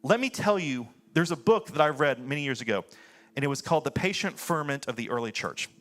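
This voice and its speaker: An American man in his thirties delivers a church sermon in a high, light voice. He sounds conversational, full of "like" and quick asides, then turns blunt and direct on his key points. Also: animated, fairly bright tone. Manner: conversational preaching, fillers like "like", swings into blunt punchlines. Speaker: pastor.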